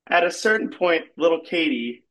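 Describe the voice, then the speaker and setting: A man's voice: fairly high pitch, expressive, normal speed, pushed and bright, rough recording. A man improvising an absurd comic story, rambling and leaning on filler words. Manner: rambling, heavy use of filler "like".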